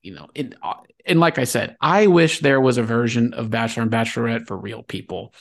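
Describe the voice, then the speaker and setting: A man co-hosting a podcast in casual chat, relaxed and talkative, acting out what people say. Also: medium pitch, brisk. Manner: relaxed, chatty, acts out quotes. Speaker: podcast co-host.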